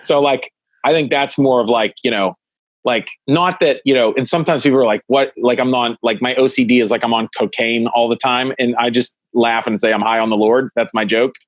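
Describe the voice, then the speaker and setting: A man, a stand-up comedian, chats loosely and animatedly, restarting his sentences as he goes. His voice is mid-pitched and ordinary. The recording is close and dry. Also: fairly quick, dry recording. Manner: animated, rambling, many restarts. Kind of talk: casual podcast chat.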